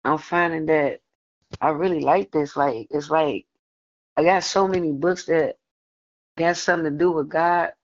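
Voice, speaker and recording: A woman's voice: sits low, fairly even intonation, a little slow, long pauses. A woman church member sharing a casual, rambling testimony at Bible study over the phone. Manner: chatty, rambling with many likes. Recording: muffled phone line.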